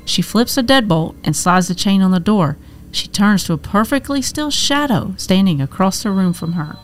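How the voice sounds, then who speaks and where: A woman reading a horror story aloud as scripted narration, measured and tense. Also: medium pitch, animated, a little hiss or hum.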